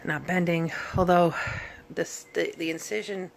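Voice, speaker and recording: Woman vlogger, worn out and sore after surgery, gravelly low fry, halting delivery, faint room noise. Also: fairly even intonation. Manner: halting, rambling, with many fillers and restarts. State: tired and in pain after surgery. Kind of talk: casual recovery vlog. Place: at home, sitting in bed.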